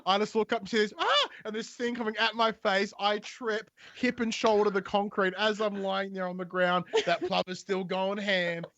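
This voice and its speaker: Give me a high-pitched man on a live-stream podcast, telling an animated story with swearing and squawked sound effects. The audio is dry and a little dull, like lo-fi stream sound. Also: normal speed, hardly any pauses, no echo. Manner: animated storyteller who swears and mimics bird cries. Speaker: podcast co-host.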